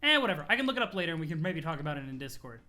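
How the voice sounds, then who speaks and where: A streamer casually chatting with viewers and reading a webcomic aloud, in an animated, chatty way with casual swearing. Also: mid-range voice, racing. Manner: thanks chat followers, talks to viewers.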